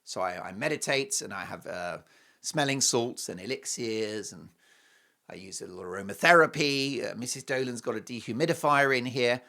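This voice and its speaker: Lively man hosting a talk show. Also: medium pitch, normal speed. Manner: animated, self-mocking, jumps between loud and hushed. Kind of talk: comic monologue.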